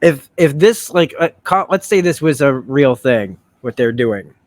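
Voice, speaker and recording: A man's voice: medium pitch, expressive, measured pace, dry recording. Rambling, profane man reviewing a series. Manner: rambling, profane, with self-correcting restarts. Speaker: video essay host. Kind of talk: casual review commentary.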